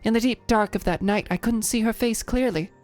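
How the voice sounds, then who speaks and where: A woman voicing a gentle, divine female great fairy from a video game, speaking softly and earnestly. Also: on the high side, fairly quick, soft background music, pitched above the performer's own voice, close to an everyday voice. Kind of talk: reading game dialogue aloud.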